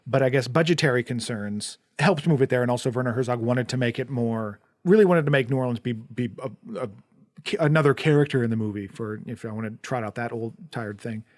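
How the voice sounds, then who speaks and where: A brisk man with a mid-range voice co-hosts a podcast from a dry, close-miked basement studio. He chats casually about a film, rambling through fillers and restarts.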